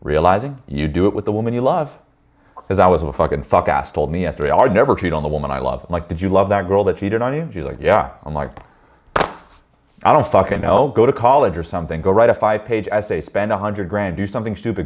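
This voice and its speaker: A man leading a men's group, telling stories in a blunt, profane and animated way. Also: sits low, fast talker. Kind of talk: candid group talk.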